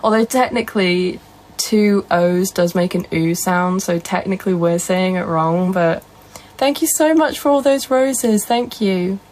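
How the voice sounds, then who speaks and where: A young woman with a Northern English accent chats casually on a live stream, responding to viewer comments. Her voice is lowish, a little mellow, and unhurried, and the recording quality is poor.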